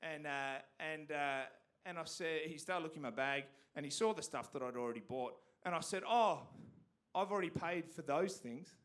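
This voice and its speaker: An Australian man doing stand-up on a theatre stage, telling stories animatedly and punching up the big lines loudly. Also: a little high, a little fast, hardly any pauses. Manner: animated storytelling with sudden loud punchlines. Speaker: stand-up comedian. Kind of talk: stand-up comedy set.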